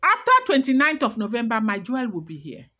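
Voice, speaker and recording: A woman's voice: a little high, very animated, fairly quick, bright, forceful tone, full character voice. A stern, scolding king, as a woman reads his words. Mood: indignant. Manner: scolding, rhetorical questions. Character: angry male king, stern and indignant.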